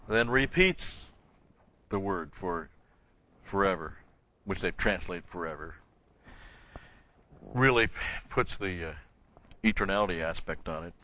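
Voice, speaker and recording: A man's voice: deep voice, pushed and bright, highs cut off. A man teaching a verse-by-verse Bible lesson, asking the class questions and answering them himself, stressing key words with emphatic repetition.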